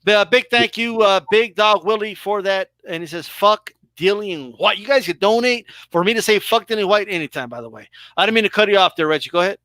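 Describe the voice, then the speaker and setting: A man's voice: high voice, animated, quick pace, hardly any pauses, pushed and bright, clean tone, no room sound. A man hosting a live boxing talk stream, talking casually and emphatically, swearing freely. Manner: emphatic, swearing, exaggerated mock reactions. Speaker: boxing show host.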